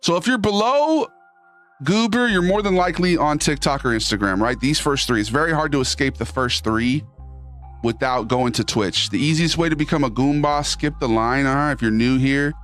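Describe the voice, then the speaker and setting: A man chatting loosely on his live stream, reading the chat and jumping into quick silly voices. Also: fairly high pitch, animated, fairly bright tone, soft background music.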